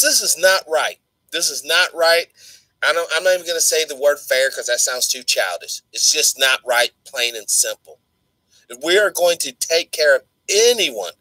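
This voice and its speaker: A high-pitched man hosts a talk show and rants with fire, swearing freely. His voice is bright and sharp, recorded close and dry with no room sound. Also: dry recording, low-quality recording. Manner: fiery, swearing. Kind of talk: ranting talk show commentary.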